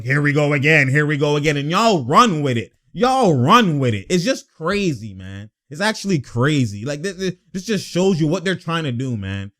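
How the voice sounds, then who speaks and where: A man's voice: fairly high pitch, fairly bright tone. Heated slangy man ranting about sports. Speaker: sports commentary host. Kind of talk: casual sports talk rant.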